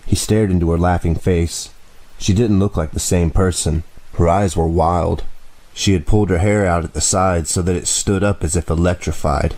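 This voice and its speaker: A man narrating a horror audiobook in a steady, even storytelling voice. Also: deep voice, normal speed, low-quality recording.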